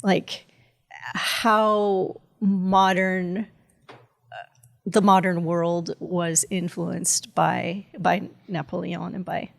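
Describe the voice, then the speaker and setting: A woman's voice: lowish voice, little pitch movement, extremely slow, vocal fry. Chatty rambling woman guest. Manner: chatty, rambling, peppered with "like" and laughs. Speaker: podcast guest, cybersecurity strategist. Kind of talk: casual conversation.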